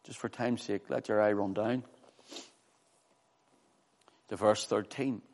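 A man preaching a sermon with fervor, swinging from loud, high exclamations to low, quiet scripture reading. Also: fairly even intonation, slow, vocal fry. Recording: long hall reverb.

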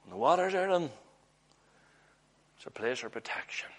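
A man preaching a sermon in an earnest, storytelling way, often letting his voice drop low and hushed. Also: very animated, normal speed.

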